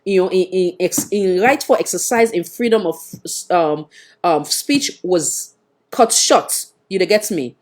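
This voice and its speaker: A woman's voice: on the low side, expressive, measured pace, a little mellow. Insistent Sierra Leonean woman host. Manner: insistent, presses the guest with repeated questions. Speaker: talk show host. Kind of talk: live panel discussion.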